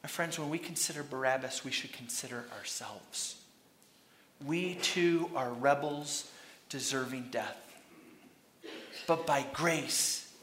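A man preaching a sermon, retelling a story dramatically and shouting out the crowd's lines. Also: medium pitch, slow, reverberant, a little hiss or hum.

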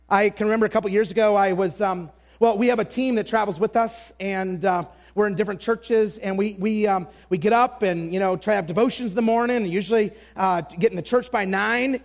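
A male traveling preacher giving a sermon with personal stories, speaking in an animated, self-deprecating way and often restarting his sentences. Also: very high voice.

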